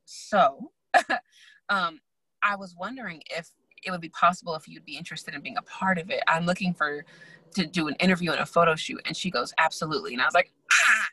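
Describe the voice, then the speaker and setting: Bright-voiced woman telling a lively story. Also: lowish voice, a little fast, breathy edge, rough recording. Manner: expressive, acts out quoted voices, laughs often. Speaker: guest, magazine founder. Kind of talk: animated storytelling in casual chat.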